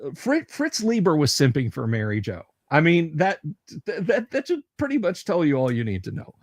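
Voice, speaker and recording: A man from the American South hosting a casual livestream chat, halting and repeating words as he rambles through stories with joking asides. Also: on the high side, wildly swooping pitch, dry recording, clean studio sound. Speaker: livestream host.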